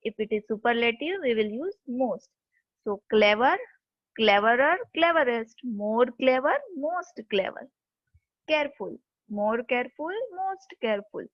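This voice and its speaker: Woman teacher, high voice, step-by-step grammar lesson, spells words letter by letter, dry lo-fi recording. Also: lively intonation, a little slow, no echo.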